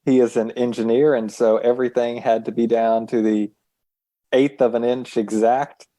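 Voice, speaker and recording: A man's voice: medium pitch, flat delivery, normal speed, dark tone, no echo. A man co-hosting a podcast, chatting in an easygoing way about home life. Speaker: podcast co-host. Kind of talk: casual chat.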